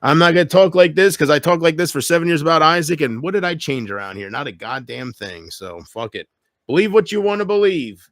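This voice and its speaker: A man vlogging a bitter, taunting rant straight to camera, swinging from loud outbursts to low mutters. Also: expressive, fairly quick, dry recording, studio quality. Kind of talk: ranting monologue to camera.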